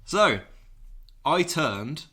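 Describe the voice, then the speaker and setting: A man in his thirties co-hosts a casual podcast with a bright, forceful voice. His pitch moves up and down freely as he reads out old news items. He drops jokey asides between them. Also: big pitch swings, very slow, breathy edge. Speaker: podcast co-host. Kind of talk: casual chat.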